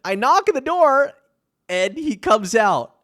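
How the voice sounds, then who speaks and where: A young adult man telling a story on his own casual solo podcast, animated, with many restarts. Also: very high-pitched, slow. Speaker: podcast host.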